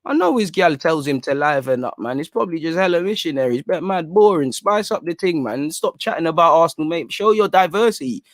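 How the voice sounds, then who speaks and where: A young man hosts a casual livestream, riffing in animated slang full of "bro" and "man". His voice sits a touch high. The sound is dry and close, with no room echo. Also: brisk, hardly any pauses. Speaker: fan channel livestream host.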